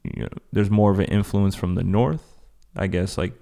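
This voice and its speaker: A young man from France co-hosts a relaxed podcast chat, explaining things in a loose, rambling way. His voice sits very low and carries a gravelly vocal fry throughout. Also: normal speed. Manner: rambling, filler-heavy explaining. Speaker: podcast co-host. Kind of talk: casual chat.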